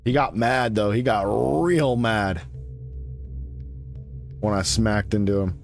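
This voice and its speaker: A man's voice: lowish voice, slow, creaky, faint music behind. A man giving casual live commentary as he plays a survival game, chatting along and teasing the creatures on screen. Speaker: gaming streamer.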